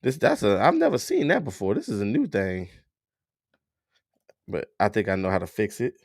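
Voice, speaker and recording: A man's voice: fairly low pitch, big pitch swings, normal speed, creaky, dry recording, studio quality. A man with a stuffy nose hosting a casual livestream, talking straight to his viewers. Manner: chatty, talks straight to viewers, restarts and fillers. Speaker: livestream host.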